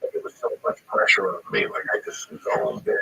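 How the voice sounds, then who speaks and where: Talking a little fast in a bright, forceful tone, a male stand-up comedian rambles through a profane, swear-filled story. A distant microphone picks him up along with faint background noise.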